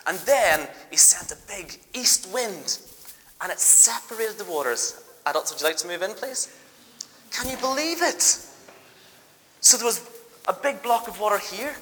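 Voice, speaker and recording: A teacher leads a church education service, acting out a Bible story and steering volunteers with brisk requests and praise. The voice is bright and sharp. It carries a long reverb in a large hall. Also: medium pitch. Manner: lively, directs helpers with quick requests and praise.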